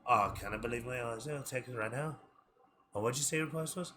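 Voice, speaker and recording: A man voicing a meek, eager old male gnome in a tabletop game, high and excitable. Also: a little fast, noisy background, lightly acted. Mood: delighted.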